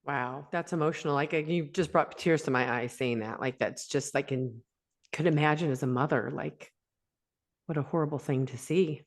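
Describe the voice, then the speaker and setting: A woman hosting an interview over a video call, reacting warmly and asking questions in a chatty way. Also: deep voice, normal speed. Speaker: interview host.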